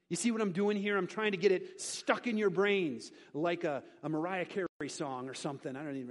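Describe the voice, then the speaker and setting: A male pastor delivers a sermon in a church, drilling short phrases with call-and-response and tossing in light joking asides. His voice sits high, and a long hall reverb trails each line.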